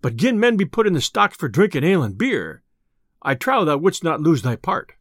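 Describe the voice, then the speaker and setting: A man voicing a boastful, quick-tempered tinker who blusters in old-fashioned speech, read in a storybook telling. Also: on the high side, big pitch swings, no room sound, studio quality. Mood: blustering. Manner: blustering, loud archaic speech.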